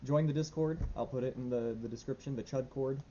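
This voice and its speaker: A man's voice: steady tone, brisk, mellow. A young man rambling nervously in a casual diary vlog, with lots of fillers and restarts. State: anxious. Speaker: vlogger. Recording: dull lo-fi with faint rumble.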